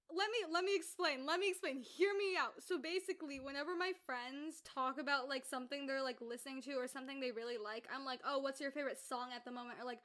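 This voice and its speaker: Young woman, very high voice, bright tone, animated, teasing, casual chat. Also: quick pace, few pauses. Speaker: co-host. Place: home at night.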